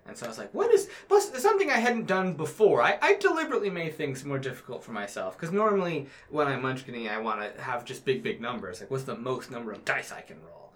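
Lively, expressive tabletop player. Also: mid-range voice, quick pace, few pauses. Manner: explains rules thoughtfully. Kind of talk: casual podcast chat.

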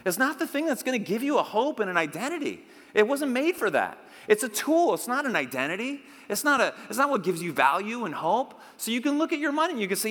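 A male pastor preaches with a high, bright voice, animated and playful as he leads the congregation in call-and-response. His voice rings in the long reverb of a church hall. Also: fast talker. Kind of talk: sermon.

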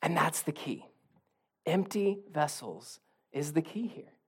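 A male pastor preaching a sermon, swinging from soft near-whispers to loud emphatic bursts and repeating phrases for emphasis. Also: a little high, animated, slow, husky.

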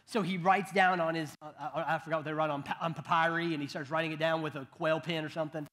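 High-voiced man preaching conversationally. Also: steady tone, fast, few pauses, a bit bright. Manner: conversational, joking asides, frequent restarts. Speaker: pastor. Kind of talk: sermon.

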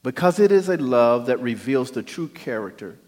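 A man preaching a sermon as pastor, moving between hushed, quiet passages and loud, emphatic calls to the congregation. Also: medium pitch, expressive, moderate pace. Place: church sanctuary. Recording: long church reverb.

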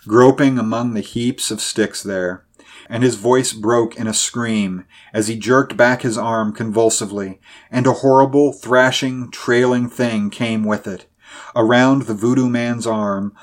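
A man reading a story aloud in a measured, dramatic narration. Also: on the low side. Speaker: audiobook narrator. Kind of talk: scripted narration.

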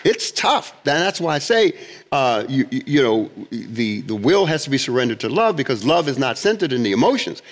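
Male Bible teacher, emphatic, animated delivery, reverberant room. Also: mid-range voice. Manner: emphatic, repeats himself, reads scripture slowly.

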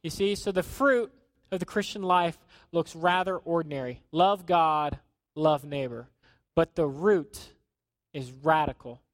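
A man preaching a sermon in a conversational way, acting out quotes and dropping to a hushed tone at times. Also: on the high side, measured pace, no room sound. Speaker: pastor.

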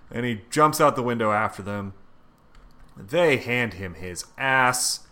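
A man's voice: fairly low pitch, moderate pace, bright, forceful tone. A man co-hosting a casual podcast, recapping a story in a laid-back way with casual swearing. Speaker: podcast co-host. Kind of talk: casual chat, recapping a comic.

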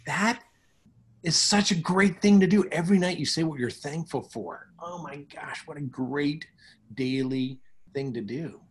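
A man's voice: on the high side, measured pace. A middle-aged male pastor preaching, breaking into effusive, enthusiastic praise as members share. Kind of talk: sermon with congregation sharing.

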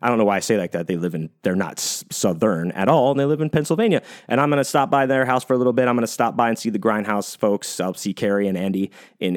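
A man hosting a podcast on his own, talking casually and rambling, with lots of swearing and fillers. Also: lowish voice. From United States. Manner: rambling, profane, many fillers and restarts. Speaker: podcast host. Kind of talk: casual solo podcast monologue.

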